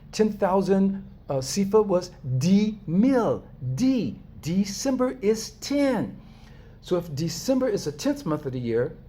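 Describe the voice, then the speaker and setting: Animated American man talking to viewers. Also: sits high. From Los Angeles, USA. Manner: animated, emphatic, chuckles often. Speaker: vlogger. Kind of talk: casual monologue to viewers.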